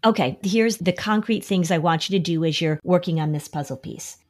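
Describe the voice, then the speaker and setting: A middle-aged woman giving anxiety advice on a podcast, explaining her points and acting out quoted lines with lively shifts in voice. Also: on the low side, brisk. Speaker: anxiety expert.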